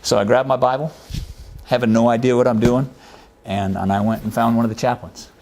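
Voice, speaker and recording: A man's voice: medium pitch, fairly even intonation, fairly quick, vocal fry, darkish tone. A man, a former military medic, earnestly telling a first-person war story in a conversational way. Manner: earnest, conversational, acts out quoted voices.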